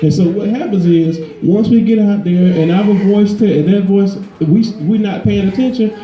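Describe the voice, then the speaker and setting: In a church, a man preaches a sermon in a conversational, emphatic way, his voice climbing higher when he drives a point home. The sound is reverberant and lo-fi.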